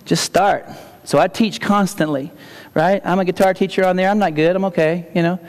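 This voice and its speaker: A man's voice: high voice, fairly even intonation, fairly quick. A man giving a humorous conference keynote, telling stories and repeating key phrases for effect. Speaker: keynote speaker. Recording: long hall reverb.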